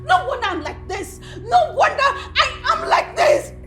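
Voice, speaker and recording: An actress with a Nigerian accent playing an outraged young woman who shouts scornfully and tearfully at her mother, in a film scene. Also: very high-pitched, big pitch swings, unhurried, faint music behind, full character voice. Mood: ashamed, furious. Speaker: daughter confronting her mother. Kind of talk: Nollywood film acting.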